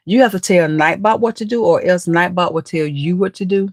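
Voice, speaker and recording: With a fairly low pitch and a brisk pace, a woman hosts a live stream recorded with no room sound. She reads comments in a casual, chatty way, teases viewers as "baby" and "nephew," and laughs a good deal.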